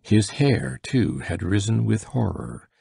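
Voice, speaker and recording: A male audiobook narrator reads a classic tale in a measured, dramatic manner. His voice is very deep, gravelly and raspy. The sound is dry and close. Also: sing-song, warm tone, dry recording. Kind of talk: scripted narration of a classic story.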